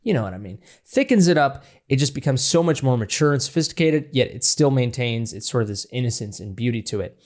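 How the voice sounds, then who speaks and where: A man's voice: medium pitch, fast talker, few pauses, a little mellow. A man hosting a music reaction channel, analyzing a song in casual, enthusiastic, rambling talk with frequent restarts. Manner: enthusiastic, rambling with restarts, breaks into scatting and laughter.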